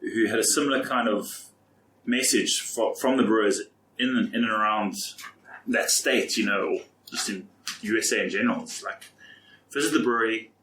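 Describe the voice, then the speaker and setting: A man's voice: fairly low pitch, normal speed, pushed and bright. A man hosting a casual chat over beer, prodding and teasing his guest with questions. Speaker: host. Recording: roomy with background noise.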